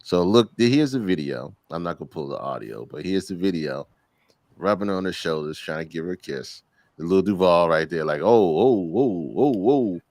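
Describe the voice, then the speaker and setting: A man co-hosting a podcast, chatting casually in a slangy, animated way and laughing often. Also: sits low, fairly quick, no room sound. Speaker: podcast co-host. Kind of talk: casual chat.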